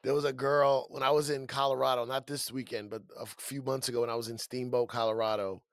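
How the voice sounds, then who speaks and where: A man's voice: medium pitch, little pitch movement, fast talker, no echo, studio quality. A man in casual podcast banter, cracking crude jokes and telling road stories. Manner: joking, crude quips. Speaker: comedian podcast co-host.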